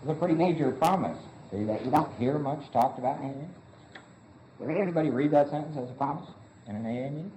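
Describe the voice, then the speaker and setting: A man's voice: on the high side, fast, dark tone, highs cut off, slight background noise. A man leading a recovery book study in a meeting room. He asks the group question after question, answers them himself, and keeps saying "see.". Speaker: study leader. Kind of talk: Big Book study lecture. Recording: echoey room recording.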